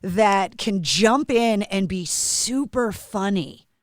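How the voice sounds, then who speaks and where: A woman hosting a casual podcast interview chimes in with eager, gushing remarks. Her voice sits at an ordinary pitch. The recording is close and dry, with no room sound. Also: animated, slow, no echo. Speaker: podcast host.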